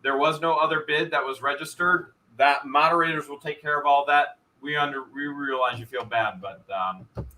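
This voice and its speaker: A man's voice: on the high side, moderate pace, bright, forceful tone, a little hiss or hum. A man hosting a live stream auction, talking straight to chat viewers with lots of energy and some repeating of himself. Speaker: host of an online storage auction stream.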